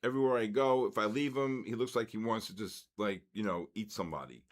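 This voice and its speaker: A man in his sixties hosting a live trading session, telling stories in a casual, animated way and tagging his sentences with quick checks to the audience. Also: fairly low pitch. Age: 60s. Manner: animated, keeps tagging 'right?' and 'okay?'. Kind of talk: casual livestream storytelling.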